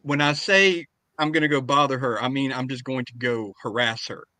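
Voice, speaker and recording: A man's voice: medium pitch, moderate pace, pushed and bright, no room sound. A man co-hosting a casual chat podcast with dry, self-deprecating humor. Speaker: podcast co-host.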